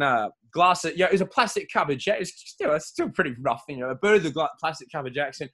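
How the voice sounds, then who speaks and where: Aussie bloke comedian, a bit high voiced, swearing nonstop, rambling crude stories. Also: male voice, a little fast, bright, forceful tone. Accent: Australian. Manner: profane, rambling, laughing storyteller. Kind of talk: casual crude banter.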